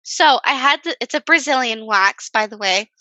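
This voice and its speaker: A young woman working as an esthetician, telling a workplace story as a podcast guest in a lively, chatty way, acting out the people she quotes. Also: on the high side, moderate pace, dry recording, lo-fi sound. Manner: animated, acts out quoted voices, chatty with many fillers. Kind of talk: casual storytelling interview.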